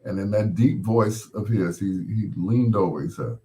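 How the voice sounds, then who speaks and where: A man's voice: fairly low pitch, moderate pace, hardly any pauses, dark tone. A man working as a late-night radio DJ, chatting in a laid-back, storytelling way with casual slang.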